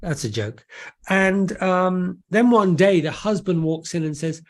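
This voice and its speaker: A man explains his work as a guest in a relaxed interview. His voice sits a bit high, and he keeps it lively with jokes, asides and quick restarts. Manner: animated, jokey, restarts and asides. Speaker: author and guest.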